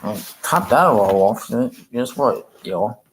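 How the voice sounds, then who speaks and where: Slow, halting man. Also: mid-range voice, animated, noisy background. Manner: halting, rambling, repeats himself. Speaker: livestreamer. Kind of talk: casual livestream chat. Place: room in a rehab facility.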